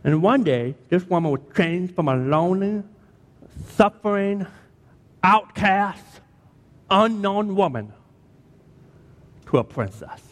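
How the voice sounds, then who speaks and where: A man's voice: high-pitched, expressive, takes it slowly, long pauses. A man preaching a sermon as a pastor, dramatic and emphatic, repeating key words for effect. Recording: long hall reverb.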